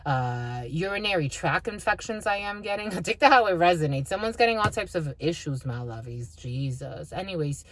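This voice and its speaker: Blunt, low-voiced woman tarot reader. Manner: blunt and profane, addresses listeners as "my lovies"; laughs often between remarks. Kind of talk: spiritual tarot reading to viewers.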